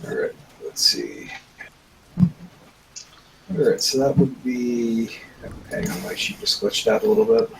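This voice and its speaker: A man playing a tabletop game, unhurried and muttering to himself as he checks his character sheet. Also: mid-range voice, very animated, creaky, slight background noise, rough recording. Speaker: player. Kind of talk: casual tabletop play.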